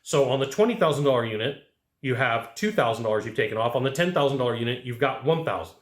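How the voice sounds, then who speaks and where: A man teaching sales negotiation in a casual, animated way, acting out clients and asking rhetorical questions. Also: medium pitch, quick pace, echoey room. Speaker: sales trainer. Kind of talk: casual sales training talk.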